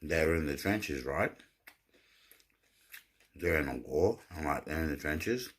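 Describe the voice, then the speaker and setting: Very deep, slow, husky man. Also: animated. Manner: laid-back, repeats words when telling a joke. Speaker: vlogger. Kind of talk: rambling casual storytelling.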